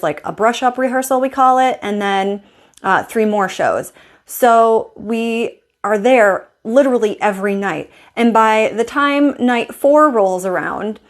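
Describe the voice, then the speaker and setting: Expressive storytelling woman, higher voice. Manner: expressive storyteller acting out her own inner thoughts. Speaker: style coach. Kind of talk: personal storytelling vlog.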